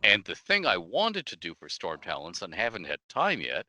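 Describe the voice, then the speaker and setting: Animated male guest author, lowish bright voice, laughs a lot. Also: normal speed, no room sound. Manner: animated storyteller, laughs often, acts out quotes. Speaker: guest game-world author. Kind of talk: casual podcast interview.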